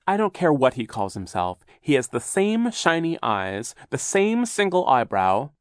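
A man's voice: medium pitch, big pitch swings, a little slow, clean tone, no room sound, clean studio sound, voice pushed up. A man voicing a determined teenage girl, insistent and impatient.

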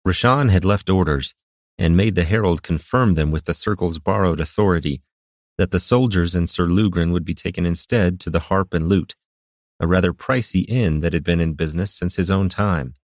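A man reading fantasy narration in a steady, measured way. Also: low voice, no room sound, clean studio sound. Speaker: audiobook narrator.

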